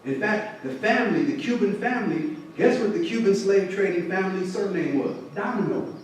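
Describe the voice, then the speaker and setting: A man's voice: sits high, expressive, fairly quick, a little hiss or hum. A preacherly male professor in an echoey hall. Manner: preacherly call-and-response cadence, punchy repeated refrains. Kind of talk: lecture to a community audience. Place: lecture hall. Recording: far, very echoey hall recording.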